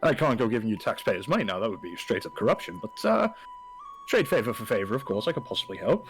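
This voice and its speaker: A man's voice: on the low side, sing-song, fast, voice pushed down. A man voicing a jovial, scheming male town official who hedges and trades favours. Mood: chummy. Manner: chummy, hedging, fond of favours. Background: faint background music.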